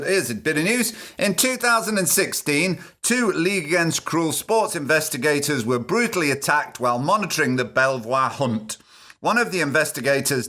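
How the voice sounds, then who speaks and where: A man's voice: fairly high pitch, pushed and bright. A man hosting a casual news podcast, reading stories aloud and adding cheeky, sarcastic asides. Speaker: podcast host.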